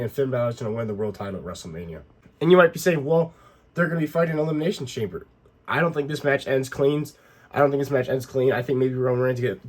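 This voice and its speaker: A man in the middle pitch range talks through a wrestling week in a loose, rambling way. He stumbles and restarts often. He gets openly fed up when something bores him. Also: darkish tone. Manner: rambling, fillers and restarts, exasperated complaints. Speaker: YouTube wrestling recap host. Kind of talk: casual recap and opinion.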